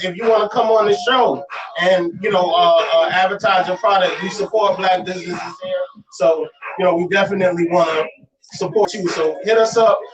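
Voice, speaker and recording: A man's voice: high voice, echoey room, dull audio. A man co-hosting a talk show, giving loose, repetitive plugs with many fillers. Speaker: co-host. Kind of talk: casual talk show chat, promo plugs. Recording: distant mic with music behind.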